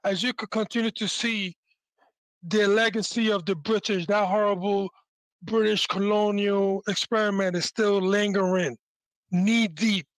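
High-voiced indignant male caller. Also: fairly even intonation, measured pace, no room sound, low-quality recording. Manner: indignant, emphatic.

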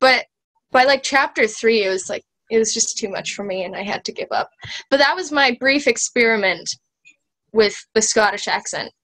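A woman's voice: on the high side, moderate pace, fairly bright tone, low-quality recording. A woman telling a self-deprecating story on a casual video call, giggling now and then. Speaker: cast member.

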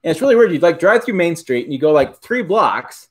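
A man's voice: fairly high pitch, very animated, brisk, breathy edge. Rambling male livestream host. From Michigan. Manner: rambling, self-correcting, chuckles often. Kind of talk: casual livestream chat answering viewers.

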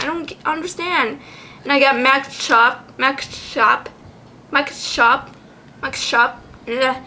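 A woman vlogger chatting casually, giggly and excitable, swearing freely as she goes. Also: sits high, slow pace, a little hiss or hum. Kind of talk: casual chat.

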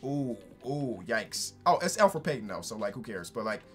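A man giving casual, excitable commentary over a basketball video game, swinging from hyped shouts to dry asides. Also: mid-range voice, moderate pace, soft background music. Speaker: basketball gaming YouTuber.

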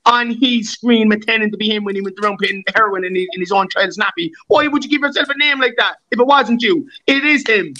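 A man's voice: sits high, bright, forceful tone, muffled recording. A man hosting a live-stream panel, ranting abusively with heavy swearing and repeated insults. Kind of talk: angry live-stream rant.

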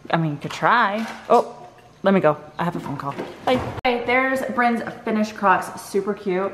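A woman's voice: mid-range voice, normal speed, noisy background. A middle-aged woman and mother chatting casually and upbeat at home for a family vlog, rambling from one thing to the next.

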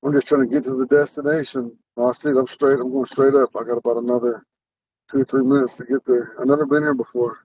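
A man's voice: mid-range voice, level tone, quick pace, a little mellow, slightly rough, no room sound, recorded from a distance, muffled recording. Man with a lisp talking while driving. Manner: rambling, earnest and spiritual. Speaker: Ponca language teacher. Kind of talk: casual talk while driving. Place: inside a car on the road.

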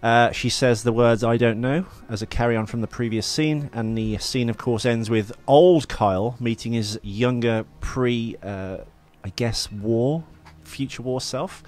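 A man in the host's chair, talking in an easygoing, mid-pitched voice. He is chatty and teasing, and laughs often as he runs the conversation. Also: measured pace, hardly any pauses, darkish tone. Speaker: podcast host. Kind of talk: casual podcast chat.

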